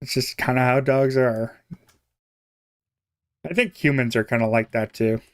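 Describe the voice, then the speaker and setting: A man's voice: medium pitch, a little slow, dry recording, studio quality. A young man chatting casually on a game live stream, rambling, chuckling often and trailing off mid-thought. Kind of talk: casual live-stream chat while playing.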